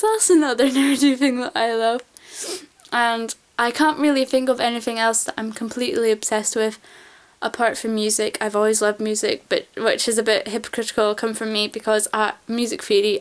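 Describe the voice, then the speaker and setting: A woman's voice: a little high, fairly even intonation, moderate pace. A woman vlogging in a casual, rambling chat to camera, gushing about things she loves and swearing casually.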